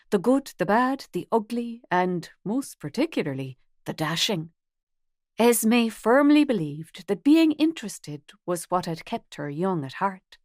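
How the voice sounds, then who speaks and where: A woman reading an audiobook in a measured, even storytelling voice on a close studio mic. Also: medium pitch, no echo. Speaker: audiobook narrator. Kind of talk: scripted audiobook narration.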